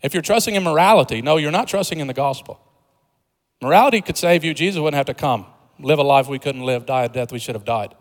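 A man's voice: a little high, fast talker. A man preaching a sermon in a conversational, humorous way, building to emphatic points. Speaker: pastor. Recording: long hall reverb.

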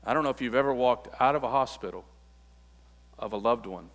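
A man preaching a sermon, reading scripture aloud and then explaining it, building to emphatic, forceful peaks. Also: mid-range voice, a little fast, long pauses, long reverb tail. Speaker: pastor.

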